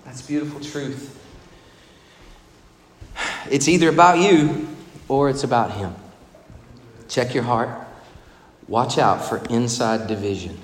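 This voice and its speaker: A man preaching a sermon, expressive and emphatic, now and then acting out the voices in the stories he tells. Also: medium pitch, measured pace, long pauses. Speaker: pastor. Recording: echoey hall reverb.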